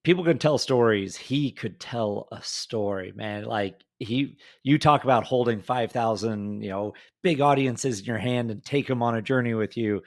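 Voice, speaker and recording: Man, podcast host, casual interview chat, loose and conversational, fillers. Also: fairly low pitch. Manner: chatty, searching for words, many fillers.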